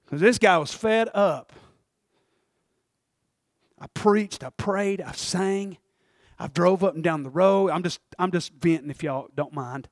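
Male pastor, sermon delivery, very high-pitched, dry close recording, builds to shouts. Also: a little slow, pauses often, no room sound. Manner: swings from low reading to shouting fervor.

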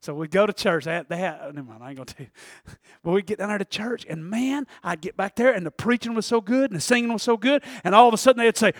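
A man preaching a sermon in church, talking conversationally, laughing often and building to shouts. His voice sits very high for a man. The recording is close and dry. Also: animated, fast, no echo.

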